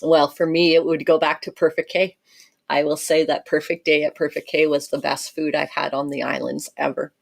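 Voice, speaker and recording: Middle-aged canadian woman, lowish voice, chatty, reading out viewer comments on a cruise stream. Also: flat delivery, normal speed, creaky. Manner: chatty, laughs often, reads viewer comments. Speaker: co-host of a cruise livestream. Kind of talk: casual livestream chat.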